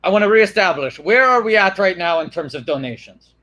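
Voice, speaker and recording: Bright-voiced joking co-host man. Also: high voice, lively intonation, brisk. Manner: playful, joking, directing others. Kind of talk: casual chat.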